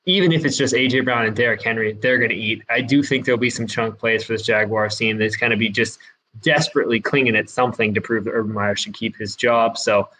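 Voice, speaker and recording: A man co-hosting a casual sports betting podcast, giving his picks in a relaxed, confident way. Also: on the low side, fast talker, low-quality recording. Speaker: podcast co-host picking games.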